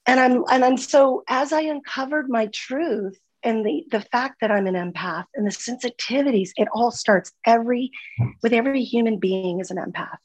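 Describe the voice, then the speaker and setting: A woman's voice: fairly high pitch, normal speed. A woman, a former nurse, speaking as a guest in a casual podcast conversation, earnest and heartfelt, often repeating words. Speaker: guest, former nurse turned spiritual healer.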